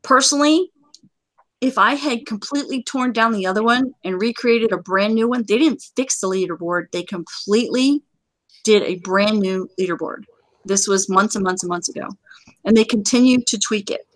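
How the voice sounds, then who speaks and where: A woman hosting a live gaming community chat, giving brisk, emphatic instructions. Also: on the high side, fairly bright tone, no room sound, low-quality recording. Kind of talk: live stream casual chat.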